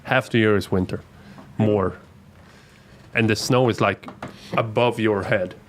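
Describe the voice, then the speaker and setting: A young man with a somewhat low voice, chatting casually on a podcast. He talks bluntly, swears freely and sounds at ease. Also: unhurried. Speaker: podcast co-host. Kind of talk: casual chat.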